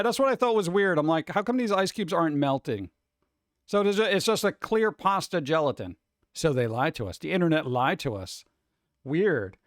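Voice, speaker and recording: A man's voice: high voice, a bit bright, no room sound, clean studio sound. A man hosting a casual livestream, rambling from topic to topic with sarcastic jokes. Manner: rambling, jokey, sarcastic asides. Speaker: livestream host.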